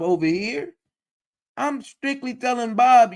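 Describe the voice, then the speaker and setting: A man's voice: very high voice, slow. Exasperated man riffing on a livestream. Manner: animated, exasperated, repeats phrases, mocks quoted voices. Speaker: livestream host reacting to a video. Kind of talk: casual reaction commentary.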